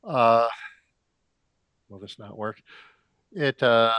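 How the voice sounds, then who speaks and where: A middle-aged man rambling casually on a cheap wireless gaming headset, halting with filler sounds, restarts and frequent throat clearing, slightly out of breath. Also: medium pitch, a bit bright, dry recording. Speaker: vlogger.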